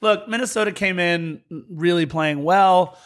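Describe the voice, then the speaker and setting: High-voiced man recapping soccer results. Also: a bit bright. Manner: quick, jokey recap delivery. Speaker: podcast co-host. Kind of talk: casual sports podcast chat.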